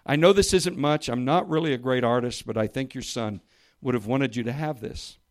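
A man preaching to a room of listeners, reading a story aloud and raising his voice for the quoted lines, then dropping low and soft for emphasis. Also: moderate pace. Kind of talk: sermon with a read-aloud story. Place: church or meeting room with listeners.

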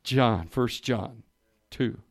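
A man preaching to a room of listeners, reading a story aloud and raising his voice for the quoted lines, then dropping low and soft for emphasis. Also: very slow, husky. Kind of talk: sermon with a read-aloud story. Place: church or meeting room with listeners.

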